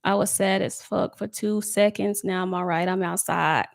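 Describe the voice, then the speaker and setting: A woman's voice: medium pitch, steady tone, normal speed, creaky. A woman giving a casual live tarot love reading, talking loosely to her viewers, reading out their comments and laughing often. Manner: chatty, reads chat comments aloud, laughs often. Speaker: tarot reader.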